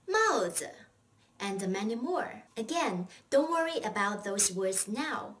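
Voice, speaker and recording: A woman's voice: on the high side, recorded from a distance, slight background noise, rough recording. A woman teaching a recorded language lesson, patiently explaining and leading repeat-after-me drills.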